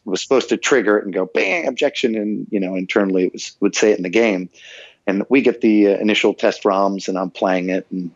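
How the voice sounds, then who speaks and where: Middle-aged male guest, low voice, animated storyteller who acts out quotes; dry, muffled recording. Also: dry recording. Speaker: guest, former game localizer and voice actor. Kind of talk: casual storytelling interview. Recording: dull, slightly muffled dry sound.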